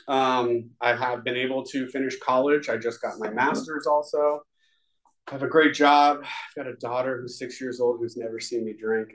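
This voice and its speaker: Man, mid-pitched, rambling and candid, sharing a recovery testimony. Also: low-quality recording. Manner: rambling and conversational, full of fillers; earnest and confessional. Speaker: recovery meeting speaker. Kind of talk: personal testimony at a recovery meeting.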